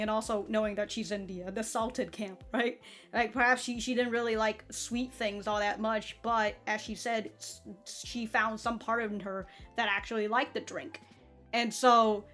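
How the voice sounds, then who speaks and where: A woman's voice: on the high side, fairly bright tone. A woman hosting an anime reaction video, talking casually with frequent laughs and stumbles. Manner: chatty, laughs often, stumbles and restarts. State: feeling hot.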